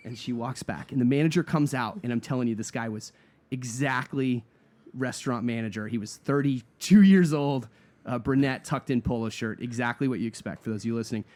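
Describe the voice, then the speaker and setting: A man guest telling a long, comic story in a relaxed podcast chat, acting out what people said and laughing along. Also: mid-range voice, fairly quick. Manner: animated storyteller, acts out quotes, laughs at own story. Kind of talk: casual storytelling.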